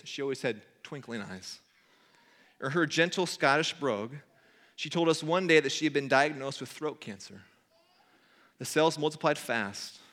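A man preaching a sermon in an earnest way, now excited, now hushed, reading passages aloud. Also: medium pitch. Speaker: pastor.

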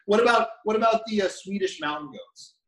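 A man's voice: high-pitched, fairly quick, fairly bright tone. A young man co-hosting a casual podcast, cutting in with teasing jokes. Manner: teasing, jokey interjections. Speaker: podcast co-host. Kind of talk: casual chat. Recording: echoey room, mic at a distance.

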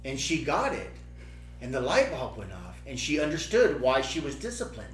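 A middle-aged man telling a story in casual chat, lively and acting out the quotes. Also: mid-range voice, moderate pace, faint music behind. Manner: animated, acts out quotes. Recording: roomy room echo with faint hum.

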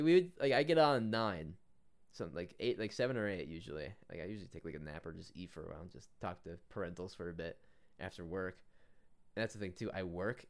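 Podcast host, swearing young guy, lowish voice, loose rambling anecdote with laughs. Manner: profane, laughing, mocking impressions. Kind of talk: casual storytelling rant.

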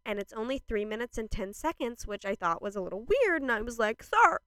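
Bubbly young woman reacting excitedly. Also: fairly high pitch, a little fast, clean tone, no room sound, studio quality. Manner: effusive, laughing, swinging between excitement and hushed asides. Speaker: album reaction vlogger. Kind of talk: casual reaction vlog.

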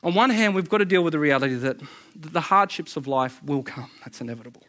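A pastor delivers a sermon in a somewhat raised voice. He talks in an animated way, swinging between loud emphasis and quiet asides. He restarts phrases and repeats words as his points build. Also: on the high side, fast. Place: church service.

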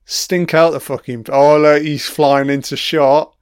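Guy doing a sweary film commentary, slow and smooth, dead dry close sound, crude jokes. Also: medium pitch, big pitch swings, dry recording. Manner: crude, mocking, heavy swearing. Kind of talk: profane running film commentary.

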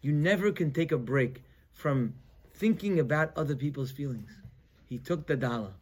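A man teaching a weekly Torah class as a rabbi. He tells the story in an animated way, swinging between loud emphasis and quiet asides, and he sprinkles Hebrew terms into his English. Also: fairly high pitch, moderate pace, breathy edge.

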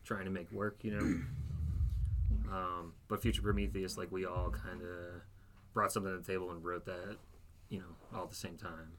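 A man with a very low voice explains the band's songwriting in an easygoing, measured way. Noticeable room noise runs under the conversation. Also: level tone, a bit bright. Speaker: band member. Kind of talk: casual interview chat. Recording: noisy room recording.

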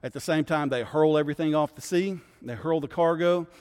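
A man's voice: fairly high pitch, a little fast, a little mellow, clean tone. A man, a guest pastor teaching a Bible study in a conversational way, often checking in with his listeners. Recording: long hall reverb.

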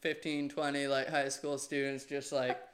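A man's voice: mid-range voice, flat delivery, moderate pace, a bit bright. A young man co-hosting a casual podcast chat, reading news items aloud and laughing often. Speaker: podcast co-host.

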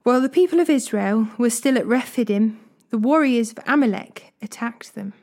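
Lady reading bible verses aloud, steady and measured, kinda high voice. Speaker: Bible reader. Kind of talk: scripture reading.

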